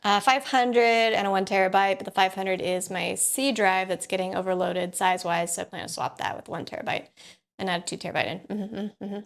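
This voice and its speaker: A woman's voice: medium pitch, fairly even intonation, a little fast, vocal fry. A woman from California chatting casually on a live stream, laughing often. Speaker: co-host.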